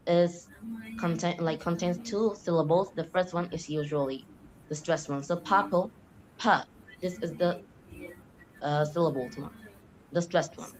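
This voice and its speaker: A woman's voice: fairly low pitch, rough recording. Young woman answering an oral exam. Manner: explains with frequent "like" and restarts. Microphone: online call.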